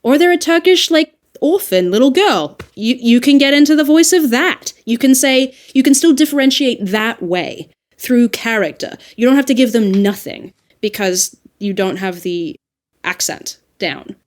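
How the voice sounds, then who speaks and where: A woman with an Australian accent, an audiobook narrator talking through her craft in a casual, animated podcast discussion. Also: a little high, normal speed. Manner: animated, reflective, frequent laughs and fillers.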